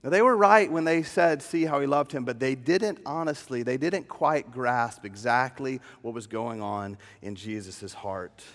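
Man preaching a sermon in a reverberant hall. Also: mid-range voice. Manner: shifts from hushed, slow tenderness to animated storytelling. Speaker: pastor. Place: church sanctuary.

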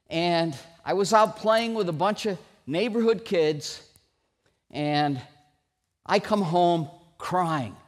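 A middle-aged man preaching a sermon, slow and emphatic, with sudden loud rises for stress. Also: high-pitched. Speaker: pastor. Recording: long hall reverb.

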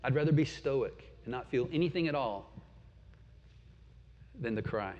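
A man's voice: mid-range voice, expressive, moderate pace. A man in his forties preaching a sermon as pastor, earnest, swelling and dropping in force. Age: 40s. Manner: earnest, rising and falling in force. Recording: dull sound with long hall reverb.

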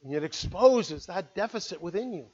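A man preaching a sermon, earnest, moving between loud appeals and hushed, quiet words. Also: high-pitched, animated, moderate pace, slightly rough, lo-fi sound. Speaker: pastor.

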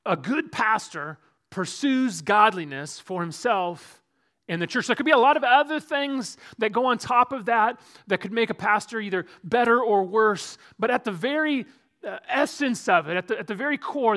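A man preaches as pastor of a church, with a high voice. His tone is bright and forward, and his sermon moves between loud, emphatic stretches and quiet, dropped asides.

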